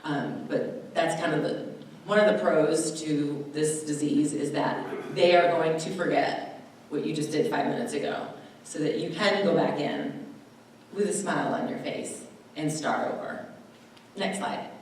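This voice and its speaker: Low-voiced woman, far off in echoey hall. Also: fairly even intonation, a little slow, darkish tone, slight background noise. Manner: chatty, talkative, acts out quoted voices. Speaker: dementia care presenter. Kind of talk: talk to a live audience. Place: large room at a presentation.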